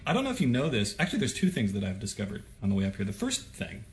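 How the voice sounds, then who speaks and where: Lively man telling animated stories. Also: lowish voice, rapid-fire. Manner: animated storyteller. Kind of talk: casual chat.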